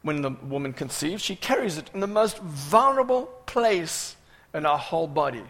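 Guy preaching a sermon, kinda high voice, swings loud to quiet, big echoey hall. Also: normal speed. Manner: animated, dramatic preaching, swings from loud cries to hushed asides. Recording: reverberant hall.

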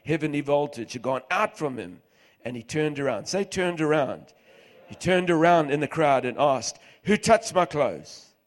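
Man, middle-aged, preacher, sermon, fairly high voice, dramatic repetition. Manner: dramatic, repeats key words for emphasis; swings from loud to hushed. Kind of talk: sermon, reading scripture with call-and-response.

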